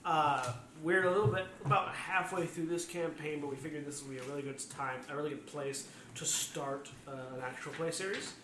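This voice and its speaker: A man's voice: a little high, steady tone, fairly quick. A man hosting a casual tabletop game podcast with playful quips. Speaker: host and player. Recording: echoey room with faint noise.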